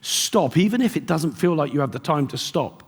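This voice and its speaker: Gravelly middle-aged man speaking in a hall. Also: fairly high pitch, animated, normal speed. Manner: storytelling with acted-out dialogue. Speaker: motivational speaker. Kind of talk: live keynote talk. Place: large event hall. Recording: long hall reverb at a live event.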